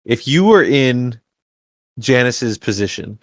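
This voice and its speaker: Podcast co-host, male, animated storyteller, dry booth sound. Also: medium pitch, takes it slowly, dry recording. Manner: animated, acts out characters with jokey voices. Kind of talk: casual movie rewatch chat.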